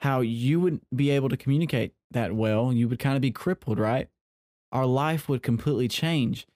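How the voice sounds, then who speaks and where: A man's voice: mid-range voice, moderate pace, darkish tone, no room sound. Playful man hosting a dry-sounding podcast. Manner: playful, teasing, chatty. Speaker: podcast host. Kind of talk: casual faith-based podcast monologue.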